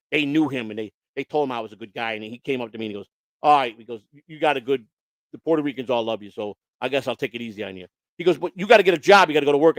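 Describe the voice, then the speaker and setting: A man rattles off a story at a quick clip in a fairly high voice, blunt and full of curses. He restarts his sentences often. The sound is close and dry, with no room around it. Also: no echo. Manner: blunt, profane, rambling with many restarts. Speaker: host. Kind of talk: casual storytelling chat.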